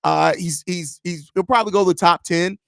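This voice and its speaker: Chatty dude in his 30s hosting a sports stream, kinda high voice, joking around, dead dry mic. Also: moderate pace, gravelly, fairly bright tone, no echo. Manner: loose, joking, storytelling with swearing. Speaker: podcast host. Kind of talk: casual live-stream chat.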